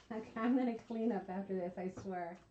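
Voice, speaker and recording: With medium pitch and an ordinary pace, a woman running a craft channel makes casual, self-deprecating conversation from her home desk. She calls her audience "y'all," and the audio sounds lo-fi.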